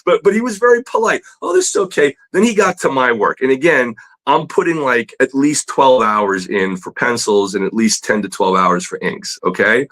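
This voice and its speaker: A man, a comic book artist appearing as a guest, telling a story in a casual, animated way with frequent laughs and fillers. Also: medium pitch, normal speed, few pauses, rough recording. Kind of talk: casual storytelling in a podcast interview.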